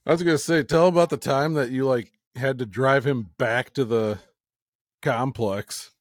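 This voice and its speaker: A man's voice: medium pitch, no echo, clean studio sound. Hesitant man chatting on a podcast. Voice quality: halting, restarts often, laughs along. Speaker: podcast co-host. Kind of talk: casual chat.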